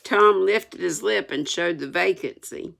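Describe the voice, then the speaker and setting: Slow, gravelly older woman. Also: lowish voice, fairly bright tone. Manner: homespun, chatty asides between passages. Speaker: storyteller. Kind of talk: reading a classic novel aloud with asides.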